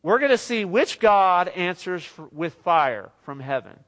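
A man preaching a sermon in a lively, conversational way with joking asides. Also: high-pitched, measured pace.

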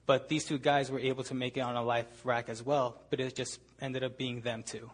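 A man's voice: mid-range voice, fairly quick, breathy edge. Chatty young man telling a story. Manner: relaxed, chatty, leans on "like" and "ended up". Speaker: speaker at a gathering. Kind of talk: casual storytelling talk.

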